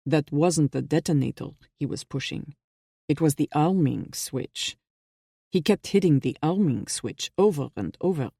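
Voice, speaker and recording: A gravelly, mellow audiobook narrator reads a suspense novel in even, measured storytelling. The sound is close and dry, with no room around the voice. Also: medium pitch, dry recording.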